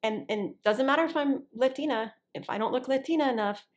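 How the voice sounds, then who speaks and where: A woman's voice: sits high, a little fast. A woman who works as an actor and voiceover artist, chatting as a guest in an interview, often restarting sentences and checking that the listener follows. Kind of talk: casual interview talk.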